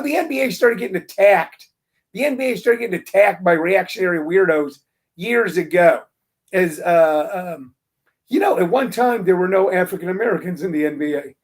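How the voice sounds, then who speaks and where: A man hosting his own show, talking through a casual monologue in an animated, emphatic way, ranting with playful jabs. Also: sits high. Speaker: show host.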